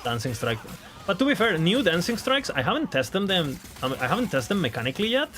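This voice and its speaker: A man's voice: high-pitched, sing-song, fast, a bit bright, faint music behind. A man talking casually on his game stream, thinking aloud, hedging and repeating his words as he answers chat.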